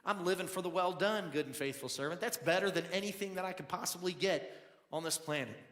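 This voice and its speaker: High bright-voiced pastor in an echoing hall. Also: male voice, a little fast. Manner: conversational, repeats words as he builds emphasis; swings from low confiding tones to loud emphatic bursts. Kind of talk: sermon. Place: church sanctuary. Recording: echoey hall, long reverb.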